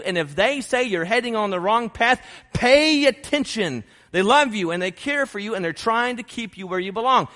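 A man's voice: sits high, fairly bright tone. A man preaching a sermon to his congregation, emphatic and repeating his key phrases. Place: church sanctuary. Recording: long reverb of a large hall.

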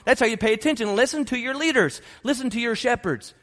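A male preacher with a high voice delivers an emphatic sermon, driving his points home through repetition. His words ring out in a church sanctuary with a long, lingering reverb. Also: quick pace, a bit bright. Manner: emphatic, repeats key phrases. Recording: long reverb of a large hall.

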